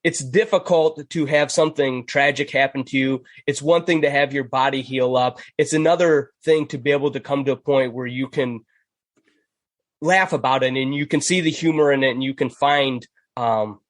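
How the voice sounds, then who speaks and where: A man hosting an interview, asking reflective questions in a measured way. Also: medium pitch, no echo. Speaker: podcast host.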